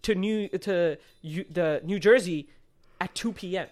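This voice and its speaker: A man's voice: high voice, measured pace, a little mellow. A young man co-hosting a podcast, chatting casually in loose, slangy talk full of fillers. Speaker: podcast co-host. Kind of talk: casual chat.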